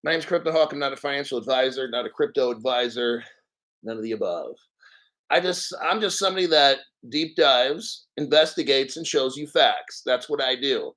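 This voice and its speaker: A man's voice: mid-range voice, normal speed, fairly bright tone, rough recording. A man hosting a crypto livestream, ranting bluntly and with profanity while reading viewer comments aloud. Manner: mocks others in exaggerated put-on voices. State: a little out of breath. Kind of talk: casual livestream rant.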